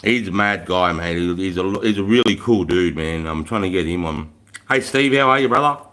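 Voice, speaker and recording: In a low, slightly bright voice, an Australian man talks briskly on a casual live stream from home, a fire going in the room. He greets viewers and rambles in an easygoing manner, cursing freely and often laughing.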